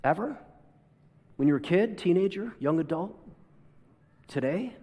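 A pastor preaches a sermon in a high, expressive, dark-toned voice at a moderate pace, posing rhetorical questions and acting out quoted voices with dramatic swings. A long hall reverb surrounds the recording.

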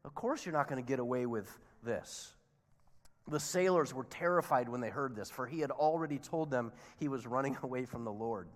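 A man's voice: mid-range voice, normal speed. A man preaching a sermon, telling the story expressively and acting out the characters' lines. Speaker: pastor. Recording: long hall reverb.

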